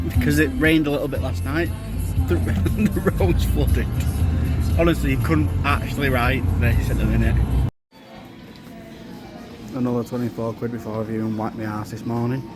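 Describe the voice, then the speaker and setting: Knackered new dad venting into his phone, fed up, casual diary chat. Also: mid-range voice. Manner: frustrated, venting about hospital care. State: exhausted, low on energy.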